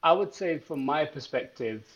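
A man's voice: on the high side, expressive, normal speed, highs cut off, a crowd in the background. A British man co-hosting a podcast, telling anecdotes in casual chat and swearing freely. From Britain. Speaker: podcast co-host.

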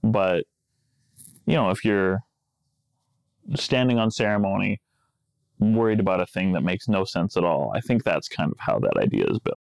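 A man's voice: deep voice, expressive, moderate pace, gravelly, pauses often, a little mellow, clean tone, no room sound. A man co-hosting a podcast in casual chat, wry and joking, laughing often. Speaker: podcast co-host.

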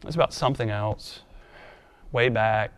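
A man's voice: fairly low pitch, a little slow, smooth. A man preaching a sermon in a conversational, earnest and self-deprecating way, then leading a prayer. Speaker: pastor.

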